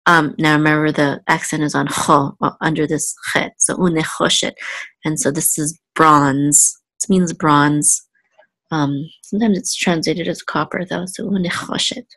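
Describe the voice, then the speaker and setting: A woman guides a student through Hebrew letters and vowels one sound at a time. She speaks patiently, pausing and restarting often. Her voice sits a little low. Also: fairly even intonation, fairly bright tone. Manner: patient, step-by-step, many ums and restarts. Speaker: Hebrew teacher. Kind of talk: one-on-one lesson, explaining letters slowly.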